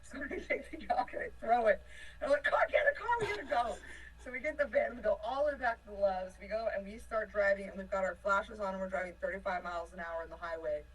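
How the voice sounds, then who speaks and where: A woman from a touring band telling an animated story in a casual interview, laughing often and swinging between excitement and panic. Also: medium pitch, fast talker, far from the mic, low-quality recording. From United States. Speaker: band member.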